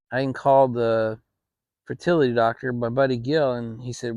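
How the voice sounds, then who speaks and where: A middle-aged man hosting his own channel, telling a family story in a relaxed, rambling way with frequent restarts. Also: mid-range voice, a little fast, no echo. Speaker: channel host. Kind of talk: casual storytelling. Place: home, relaxed fireside setting.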